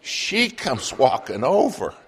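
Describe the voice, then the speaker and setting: Animated preacher telling a funny story. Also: male voice, mid-range voice, slow. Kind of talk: sermon storytelling.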